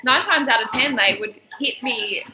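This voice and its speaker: A woman's voice: fairly high pitch, moderate pace, echoey room, muffled recording, noisy background. A woman, a reality TV contestant, chatting casually in a panel and laughing often.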